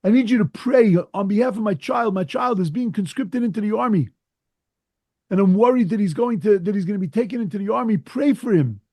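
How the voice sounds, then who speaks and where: Man playing worried father pleading for his son, husky, slightly raised pitch, urgent. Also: a little fast, darkish tone, no room sound. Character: anxious father begging a rabbi to pray for his son.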